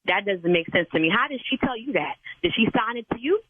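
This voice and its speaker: Over a tinny phone line, an older woman who interprets sign language at her church scolds a prank caller in a stern, proper way. Her voice is fairly high and breathy, with lively intonation, and she talks fast. There's no echo.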